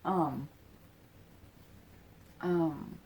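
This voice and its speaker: A woman's voice: sits low, drawn-out words, a little mellow, slight background noise. A woman in her forties telling a personal story in a casual, rambling way, with lots of fillers and swearing. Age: 40s.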